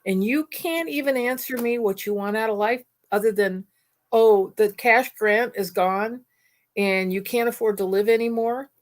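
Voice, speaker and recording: A woman with a fairly high voice tells a story in a blunt, animated way. She sounds exasperated as she hosts a casual talk. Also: moderate pace. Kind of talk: casual conversation.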